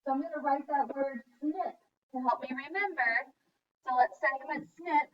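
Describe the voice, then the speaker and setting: Female primary teacher, clear and encouraging, slightly high, muffled and set back from the mic. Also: distant mic. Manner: slow, clear and encouraging, sounding out words. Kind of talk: early-grade writing lesson.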